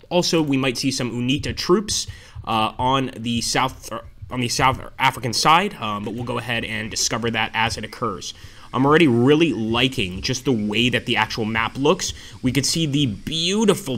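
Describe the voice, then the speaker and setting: A man's voice: medium pitch, fairly bright tone. A man giving enthusiastic let's-play commentary on a war strategy game, often calling his viewers "guys". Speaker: gameplay commentator.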